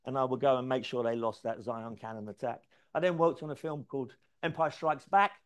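A man, telling career stories in a lively, swearing, anecdotal way. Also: medium pitch, a little fast. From London, England. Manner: lively, swears freely, acts out dialogue. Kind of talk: anecdotal storytelling talk.

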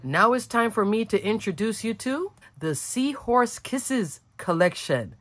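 A woman's voice: fairly high pitch, animated, measured pace, few pauses, fairly bright tone, no room sound. A woman hosting a crafting video, talking in a bubbly, chatty way with a smile in her voice. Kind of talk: casual product walkthrough.

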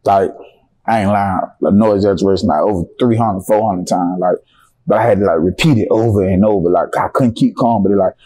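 A man's voice: deep voice, fairly quick. A young man from Atlanta with a Southern accent, a guest in a casual interview, telling his story with lots of swearing and acting out the other people's lines. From Atlanta, Georgia. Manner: animated, profane storytelling with acted-out dialogue.

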